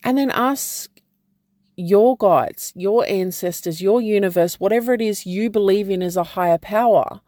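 A woman, speaking in a gentle, reflective way as she shares a personal vlog update and spiritual encouragement. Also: mid-range voice, normal speed, no room sound, clean studio sound. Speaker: program founder and guide.

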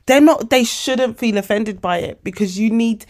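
A woman of forty, hosting a casual motivational podcast monologue, animated and emotional, calling her listeners babes. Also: on the high side, moderate pace. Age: 40s. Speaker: podcast host.

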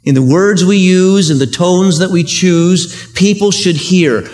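Earnest higher-voiced male pastor preaching. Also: expressive, takes it slowly, few pauses, a little mellow. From United States. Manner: earnest, conversational preaching with vivid examples. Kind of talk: sermon.

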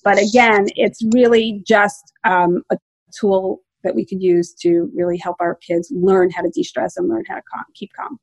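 A woman's voice: medium pitch, normal speed, no echo. Earnest woman expert, dry close sound. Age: 40s. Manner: earnest, explanatory, repeats key points. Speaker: parenting expert guest. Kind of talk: interview answers.

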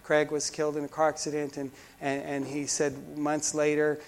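A man's voice: fairly high pitch, monotone, normal speed, creaky. A man preaching a sermon as pastor, fervent, with frequent repeated restarts.

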